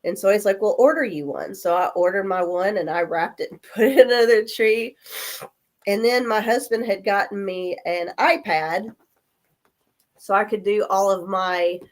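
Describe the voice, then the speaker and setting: A woman in her forties, coming down with a cold, telling animated stories in a casual chat and acting out the voices of people in them. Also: mid-range voice, normal speed. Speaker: guest. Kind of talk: casual storytelling.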